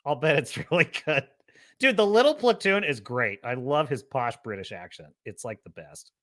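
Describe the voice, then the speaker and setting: Lively, rambling man hosting a stream. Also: medium pitch, moderate pace. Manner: rambling, excitable, laughs easily. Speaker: show host. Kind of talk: casual livestream chat.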